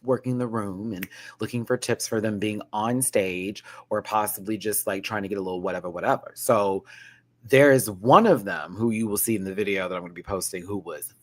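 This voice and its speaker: A young man telling a vlog storytime, dramatic and full of slang, with bursts of high laughter. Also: a little fast, fairly bright tone. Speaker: vlogger. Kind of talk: animated storytime rant.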